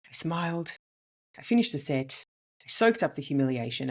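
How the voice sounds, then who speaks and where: A woman with a slightly low voice tells a story as a podcast host. Her delivery is animated and emphatic, with sudden leaps up in pitch on the words she wants to land. She speaks as a comedian recounting her own experience. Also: moderate pace. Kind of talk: storytelling monologue.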